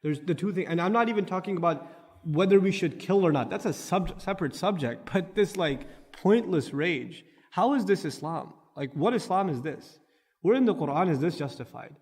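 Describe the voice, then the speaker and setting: A man's voice: high-pitched, expressive, normal speed, a little mellow. Man teaching scripture in a hall. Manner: explains Arabic terms, grows impassioned. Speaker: Quran teacher. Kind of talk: tafsir lecture.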